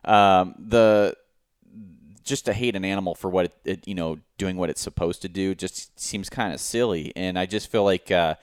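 A man hosting a podcast, rambling and halting with many restarts. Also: on the low side, clear, resonant tone, no echo, clean studio sound. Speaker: podcast host. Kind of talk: casual podcast conversation.

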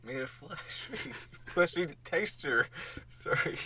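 A man's voice: fairly high pitch, lively intonation, slow, crowd noise. A man riffing on a friend's improvised story in casual banter, laughing a lot and rambling with fillers. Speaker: podcast co-host.

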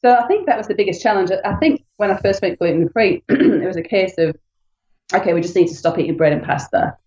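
A woman's voice: medium pitch, expressive, fast, darkish tone. A British woman in her late thirties, chatting candidly as an interview guest and telling her own story. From United Kingdom. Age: late 30s. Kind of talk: casual interview chat. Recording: echoey, dull lo-fi recording.

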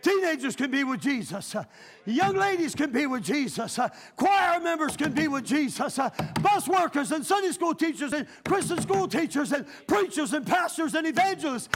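Middle-aged man, pastor, very high voice, fervent revival preaching with shouted peaks. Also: very animated, normal speed. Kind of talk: revival sermon. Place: church sanctuary.

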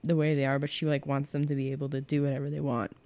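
A woman's voice: very deep voice, level tone, racing, warm tone, dry recording. A young woman chatting casually about books, rambling with lots of fillers and giggles.

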